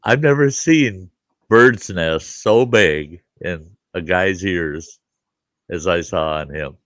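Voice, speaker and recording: A middle-aged campground host tells rambling, profane stories in a casual live chat, laughing at his own jokes. His voice sits low and his pace is slow, with no echo.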